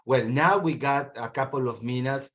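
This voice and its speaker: A man's voice: mid-range voice, moderate pace, fairly bright tone. A man from northern Peru with a Peruvian accent, a teacher hosting an online meeting over a video call, friendly and rambling, often repeating words. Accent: Peruvian (Piura). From Piura, northern Peru. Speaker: meeting host and university teacher.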